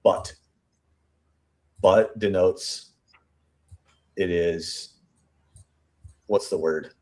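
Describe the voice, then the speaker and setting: This man hosts a true crime show and picks apart an interview statement one line at a time, reading quotes aloud as he goes. His low voice is steady and mellow, and he thinks aloud, repeating and restarting phrases while his pace moves from slow to rushed.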